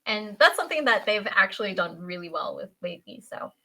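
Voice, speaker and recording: A woman's voice: medium pitch, expressive, sharp tone, slight background noise. A woman who is a parent, chatting as a podcast guest and playfully acting out quoted lines in silly voices. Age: adult, a parent. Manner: chatty, quick to act out quotes in funny voices. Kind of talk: casual chat.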